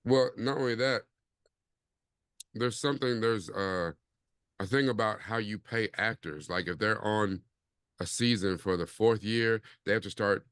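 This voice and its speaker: Low, smooth-voiced man hosting a podcast. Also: unhurried, a bit bright, dry recording, clean studio sound. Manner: laid-back, rambling, frequent fillers. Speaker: podcast host. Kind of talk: casual podcast chat.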